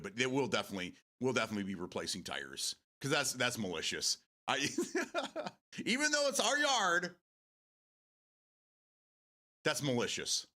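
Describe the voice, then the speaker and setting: A livestream host with a fairly low, pushed, bright-sounding voice chats casually with his viewers. He swears freely and keeps wandering off on tangents.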